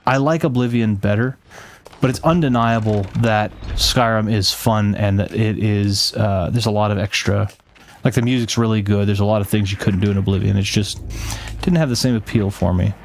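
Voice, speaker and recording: A fairly low, steady voice at a moderate pace comes with slight background noise. The man is playing a game on a live stream, alternating between reading game text aloud and talking with viewers, and he wanders, often restarting and correcting himself.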